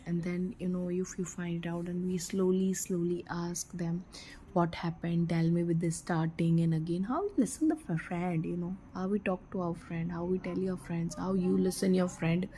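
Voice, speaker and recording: A woman's voice: lowish voice, warm tone, poor audio. Hesitant woman explaining forensics, faint hiss. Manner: hesitant, many fillers and restarts. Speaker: forensics channel presenter. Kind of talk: informal educational talk.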